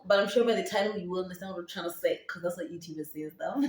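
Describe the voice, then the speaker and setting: A woman's voice: on the low side, very fast. Chatty young Zambian woman with a Setswana twang. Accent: Setswana-tinged English. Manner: chatty, rambling, many fillers and restarts. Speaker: YouTuber and podcaster. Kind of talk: casual sit-down vlog chat. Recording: roomy echo, voice from a distance.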